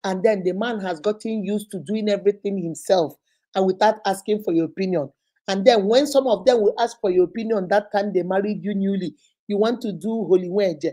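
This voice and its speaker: A Nigerian woman in middle age talks through relationship questions in a casual, animated way. She tells stories with relish and slips into quoted voices. Her tone is warm and mellow rather than bright. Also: medium pitch, fairly quick. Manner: lively storytelling, acts out quoted voices, frequent laughter. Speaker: host answering relationship questions. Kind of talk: animated casual advice talk.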